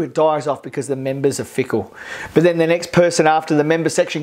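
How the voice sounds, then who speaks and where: An Australian presenter delivering a recorded online course lesson. The delivery is energetic and repetitive, hammering key phrases and acting out crowd cheers to make a point. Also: mid-range voice, fast talker.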